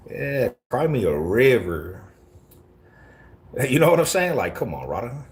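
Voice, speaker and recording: A man's voice: medium pitch, sing-song, a little slow, long pauses, slight background noise. A man from Colorado live-streaming and answering his chat in brash, confrontational street slang. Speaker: livestreamer reading chat. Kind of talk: casual live-stream talk.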